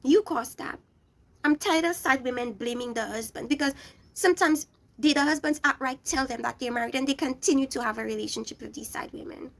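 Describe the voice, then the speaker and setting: High, gravelly woman ranting a show review. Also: a little fast. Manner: blunt, scolding, talks straight at the people she criticizes. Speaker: reality TV recap vlogger.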